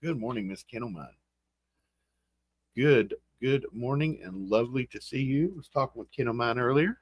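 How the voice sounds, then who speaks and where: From a room in his home, a West Virginian-accented man runs a casual livestream, folksily reading out and greeting chat names. His morning voice sounds groggy yet expressive, mid-range and at normal speed. There's no echo.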